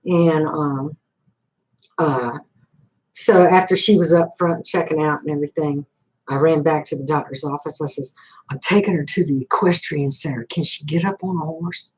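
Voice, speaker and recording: A woman's voice: low-pitched, moderate pace, breathy edge, low-quality recording. An older woman hosting a casual livestream, telling a rambling story full of acted-out quotes and laughter. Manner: frequent laughs and fillers. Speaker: channel host.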